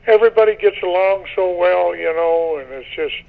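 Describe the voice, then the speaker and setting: A man's voice: high-pitched, normal speed, vocal fry, phone-quality sound. An older man, a radio interview guest, talking in a rambling casual way and often repeating himself.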